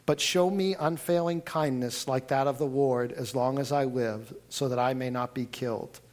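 A man preaching a sermon, reading scripture aloud and retelling the story in an animated, conversational way with frequent restarts. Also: mid-range voice, moderate pace. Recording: audio recording of a talk.

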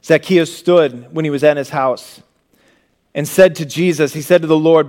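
A young adult man preaching a sermon, swinging from loud, emphatic lines to hushed, low passages. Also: moderate pace. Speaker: pastor.

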